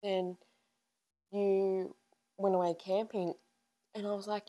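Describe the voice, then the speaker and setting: Low-voiced woman in her twenties. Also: flat delivery, normal speed, long pauses, mellow, low-quality recording. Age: 20s. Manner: chatty storytelling, acting out her own past lines. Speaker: podcast co-host. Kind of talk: casual chat.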